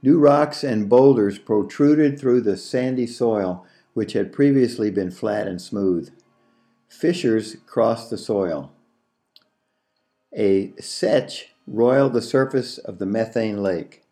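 Mellow male audiobook narrator. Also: on the low side, faint music behind. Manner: slow, measured reading.

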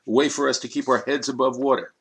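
A man's voice: medium pitch, fairly even intonation, fast, gravelly, a bit bright, husky. A man voicing a weak-willed male gang leader who talks in a hesitant, blustering way, in an audiobook. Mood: boastful.

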